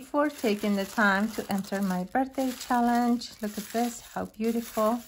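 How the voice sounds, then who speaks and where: A woman hosting her own craft channel, casually unboxing a gift and gushing over each item with soft, admiring remarks and frequent fillers. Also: mid-range voice, a little hiss or hum.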